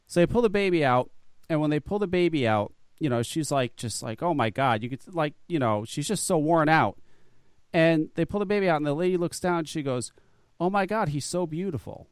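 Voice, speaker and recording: A man's voice: a little high, animated, fairly quick, smooth, no room sound, clean studio sound. A man telling a long, profane story in casual chat, full of restarts and stammered repeats. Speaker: guest.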